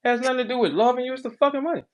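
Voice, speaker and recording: A man ranting crudely and loudly in a casual talk, profane and joking. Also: very high voice, very fast. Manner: loud, profane, jokey. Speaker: battle rapper on a live audio chat.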